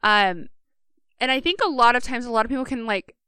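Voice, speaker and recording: A woman's voice: fairly high pitch, fairly quick, bright, forceful tone, clean tone, no room sound, clean studio sound. A woman co-hosting a podcast, talking earnestly and speaking straight to listeners in a casual monologue. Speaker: podcast co-host.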